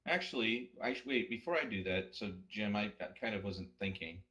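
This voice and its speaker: A man's voice: on the low side, animated, fairly quick, pushed and bright. A man playing in a tabletop game, casually asking the game master questions about the rules. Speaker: player.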